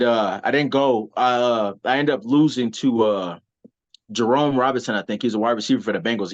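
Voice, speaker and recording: A man, a wrestler and soldier, telling stories in a casual interview with lots of fillers and restarts. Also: fairly low pitch. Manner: animated, rambling storyteller, many fillers. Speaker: wrestler and soldier, podcast guest. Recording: slightly dull, lo-fi audio.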